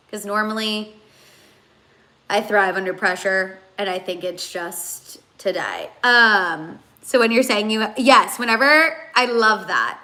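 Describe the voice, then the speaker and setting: A woman's bright, forward voice carries a loose, rambling livestream chat full of fillers. She is emotional and teary as she reads out viewer comments. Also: mid-range voice. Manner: chatty and rambling, many fillers. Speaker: host.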